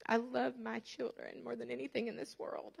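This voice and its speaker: A woman, preaching a sermon as a guest speaker and telling stories with lively rhetorical questions to the congregation. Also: on the high side, moderate pace, gravelly, slightly rough.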